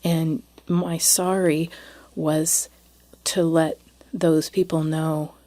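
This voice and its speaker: A woman hosting a podcast, telling a personal story in a hesitant way, with frequent restarts and soft, near-whispered asides. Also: low voice, flat delivery, extremely slow, dry recording. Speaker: podcast host.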